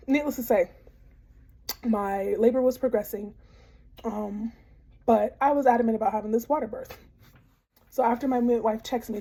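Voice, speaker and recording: A woman's voice: medium pitch, warm tone, husky. A woman in her thirties candidly telling a personal story in a heartfelt monologue, with frequent fillers.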